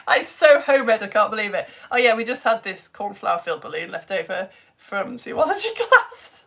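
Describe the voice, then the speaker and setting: A woman's voice: a little high, lively intonation, normal speed, fairly bright tone. A woman teaching a live online lesson, chatting with viewers, greeting them by name and joking about herself. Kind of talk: live-stream chat with viewers. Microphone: home streaming setup.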